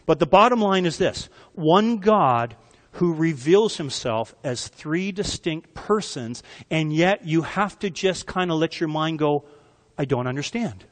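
Animated preaching man in a hall. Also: on the high side. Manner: animated teaching with quick asides and questions to the crowd. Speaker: pastor. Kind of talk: sermon. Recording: long reverb of a hall.

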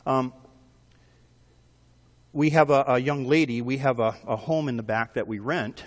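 A man's voice: medium pitch, measured pace, big-room sound. A male pastor preaching a sermon in an earnest way, building emphasis with repeated phrases.

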